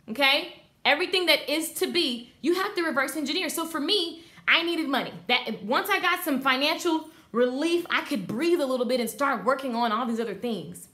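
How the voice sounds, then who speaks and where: A beauty business coach leads a live online class for hairstylists, addressing viewers directly. Her high voice is emphatic and animated as she reads their comments aloud.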